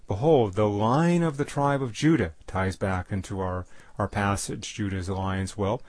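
A man giving a Bible teaching, halting often with fillers and restarts. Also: lowish voice, a little mellow, no echo. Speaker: preacher.

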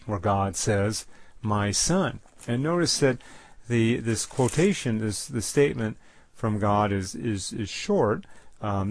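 A man giving a Bible teaching, halting often with fillers and restarts. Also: on the low side. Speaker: preacher.

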